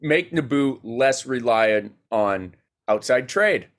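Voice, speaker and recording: A man, a guest filmmaker, telling a story in a casual podcast chat, animated and rapid with many fillers. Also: medium pitch.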